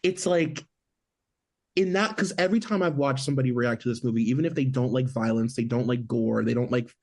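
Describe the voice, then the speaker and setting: A man co-hosts a podcast and talks loosely about a film in a casual movie-review chat, leaning heavily on "like" as a filler. His mid-range voice is a little mellow, and he speaks fairly quickly.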